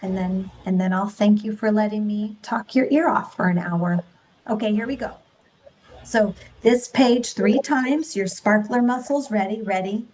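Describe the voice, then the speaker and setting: A woman's voice: medium pitch, measured pace, darkish tone, a little hiss or hum, low-quality recording. A woman leading an online group speech class, encouraging her students as she coaches them through rhythm drills.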